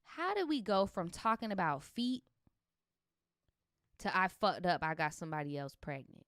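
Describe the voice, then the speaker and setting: A young woman reads viewer stories on a livestream and breaks in with sassy, animated, profane reactions. Her voice sounds smooth and clear, and the sound is dry and close. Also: fairly low pitch, normal speed, no room sound. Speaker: streamer reading viewer stories. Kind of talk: livestream story reading with commentary.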